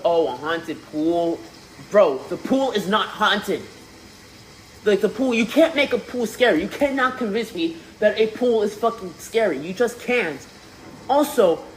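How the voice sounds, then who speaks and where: A man's voice: a little high, a little hiss or hum, poor audio. Profane, exasperated podcast host, a man. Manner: profane and exasperated, rising to incredulous outbursts; rambling with frequent fillers. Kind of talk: casual movie review rant.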